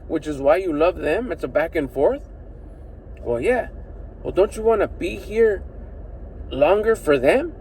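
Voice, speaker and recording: A middle-aged man giving casual motivational talk to camera, animated and slangy, swearing freely and asking rhetorical questions, recorded on a phone inside a vehicle. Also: fairly high pitch, slight background noise, low-quality recording. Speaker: personal development vlogger.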